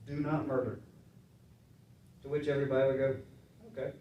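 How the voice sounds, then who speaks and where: A man preaching a sermon in a relaxed, conversational way, acting out the voices of his listeners. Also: mid-range voice, a little fast, highs cut off, slight background noise. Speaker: pastor. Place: church sanctuary. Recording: roomy church sound from a distance.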